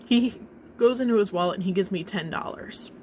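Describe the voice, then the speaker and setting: A young woman telling a painful personal story in a halting, emotional way, with nervous laughs and restarts. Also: medium pitch, darkish tone, a little hiss or hum. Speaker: vlogger telling her own story.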